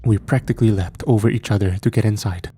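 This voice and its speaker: A man narrating a first-person horror story in a measured, steady way. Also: on the low side, slight background noise.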